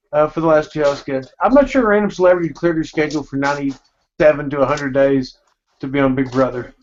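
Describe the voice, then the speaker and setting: A man's voice: on the high side, lo-fi sound, a little hiss or hum. A man losing his voice, chatting emphatically and giving strong opinions. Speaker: panel guest. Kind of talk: casual group chat.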